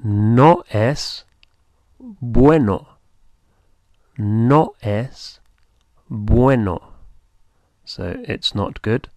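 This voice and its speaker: Guy teaching beginners, slow and patient, lowish voice, dry close sound. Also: a little mellow, no room sound. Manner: patient, repeats and spells words out. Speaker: language teacher. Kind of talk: beginner language lesson.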